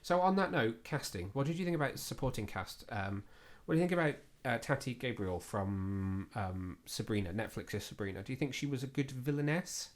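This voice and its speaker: A man's voice: medium pitch, expressive, fairly quick, hardly any pauses. A man co-hosting a podcast, talking casually with lots of fillers and self-deprecating asides. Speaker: podcast co-host. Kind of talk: casual chat.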